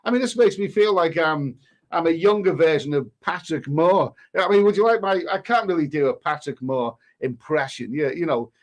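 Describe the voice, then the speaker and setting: A man's voice: on the high side, moderate pace. Cheeky man reading live chat. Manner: jokey, cheeky banter with frequent restarts. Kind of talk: casual live-stream chat.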